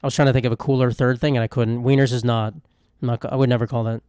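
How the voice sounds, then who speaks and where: A man's voice: mid-range voice, level tone, very fast, a little mellow, clear, resonant tone, no room sound. A young man hosting a solo comedy podcast, rambling through irreverent, self-mocking riffs on news stories. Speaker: podcast host.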